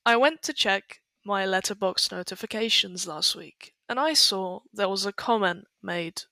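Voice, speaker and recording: Young female co-host, crisp and dry, flat delivery, matter-of-fact. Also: mid-range voice, measured pace, dry recording. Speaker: podcast co-host. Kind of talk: casual chat.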